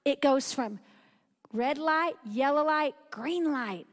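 A woman preaching a sermon with a bright, high voice. She talks in a loose, conversational way and acts out the doubting inner voices of her listeners. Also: unhurried.

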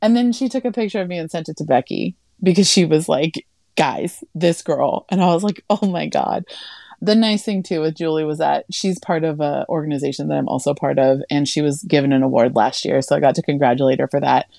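A woman co-hosting a podcast chats casually and tells stories, acting out what people said with animated jumps in pitch. Her voice is gravelly and fast, recorded with studio quality and no room sound.

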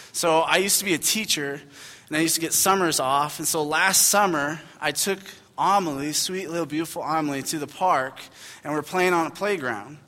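High-voiced young pastor in a reverberant hall. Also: male voice, sharp tone. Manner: casual, conversational storytelling with frequent fillers. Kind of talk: sermon. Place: church hall.

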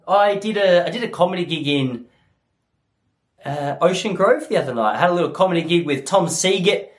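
Lively comedian rambling on a podcast. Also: male voice, sits high. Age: 30s. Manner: rambling and self-mocking, slipping into quick character voices. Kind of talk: solo comedy podcast monologue.

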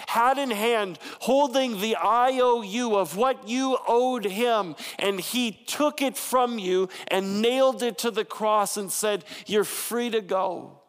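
A male pastor in his thirties delivers a sermon in a conversational, storytelling way with playful asides. His voice sits high for a man. The sound carries a long hall reverb. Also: slow pace, hardly any pauses.

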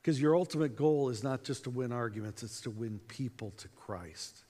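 A man giving a storytelling talk to a conference audience, acting out dialogue in an animated way, with reverb from a hall. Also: medium pitch, moderate pace. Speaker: conference speaker.

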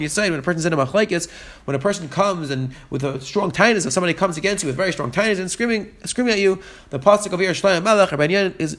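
A man teaching a Torah lesson at a quick clip, with a voice sitting a little higher than most men's. He reads a verse in Hebrew, then explains it in English and goes over each point more than once. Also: a bit bright.

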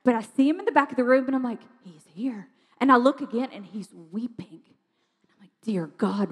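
Woman, storytelling testimony, chatty, fairly high voice, reverberant room. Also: brisk, breathy edge. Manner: chatty, lots of "like", laughs often. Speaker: ministry speaker sharing testimony.

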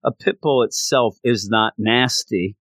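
A man giving a casual recap of a story, animated and often restarting his sentences. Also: mid-range voice, a little slow, no echo. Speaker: comic book commentator.

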